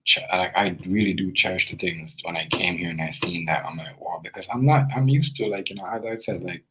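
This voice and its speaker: A man's voice: sits low, brisk, a bit bright, husky, poor audio. A young Jamaican man with a Jamaican accent telling his own story in a loose, rambling way, full of fillers and restarts. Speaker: video creator. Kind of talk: casual personal storytelling.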